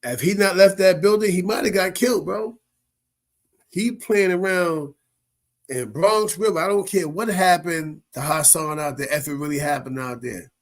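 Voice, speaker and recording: A man's voice: high voice, moderate pace. A man giving casual, slangy commentary as a show host, often laughing and asking "you know what I mean". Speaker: show host reacting to viral clips.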